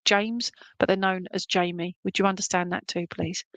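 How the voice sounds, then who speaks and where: A woman's voice: fairly low pitch, steady tone, moderate pace, fairly bright tone, no echo, rough recording. A woman working as a spiritualist medium, giving a chatty, reassuring reading and checking in with "okay?" all the time. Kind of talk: clairvoyant reading in an online church service.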